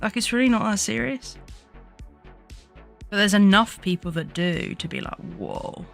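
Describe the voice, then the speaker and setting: A woman's voice: medium pitch, normal speed, gravelly, soft background music. A young woman streaming as a VTuber, chatting casually while she draws, giggling often, swearing freely and poking fun at herself. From United Kingdom.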